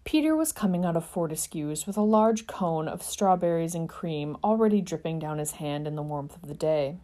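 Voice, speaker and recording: Woman storyteller, expressive and dramatic, dark low tone. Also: moderate pace. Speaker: fan fiction reader. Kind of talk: storybook narration.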